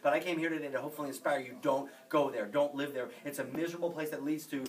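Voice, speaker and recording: A man giving a motivational talk to an audience, energetic and emphatic, with repeated phrases. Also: a little high, fast. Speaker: motivational speaker. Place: office meeting room. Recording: distant mic in a room.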